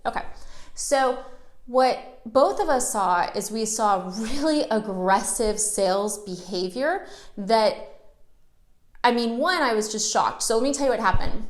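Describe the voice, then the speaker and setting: A woman's voice: mid-range voice, roomy sound. A woman mortgage loan officer chatting casually to her viewers and animatedly acting out stories about pushy salespeople. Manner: chatty, animated, acts out quotes. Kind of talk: casual storytelling vlog.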